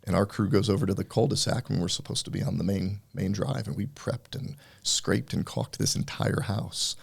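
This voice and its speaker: A man's voice: sits low, moderate pace, creaky, slightly rough. A middle-aged man, a business owner, telling a story in a casual interview and acting out the voices of the people in it. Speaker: guest, entrepreneur.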